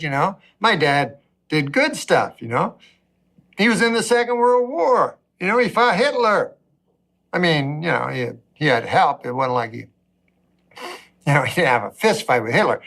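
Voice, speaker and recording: This middle-aged male stand-up, whose voice sits high for a man, keeps his long and wandering story flat and deadpan. Every so often he breaks into asides full of mock outrage.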